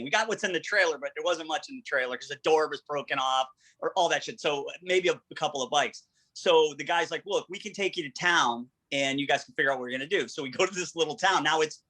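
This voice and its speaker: A man with a bright, forceful voice tells a long road story over a video call. He drives it with energy and acts out each quoted line. His voice sits a little above the usual for a man. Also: on the high side, poor audio. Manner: energetic, vivid storyteller who quotes dialogue. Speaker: guest. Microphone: video call microphone.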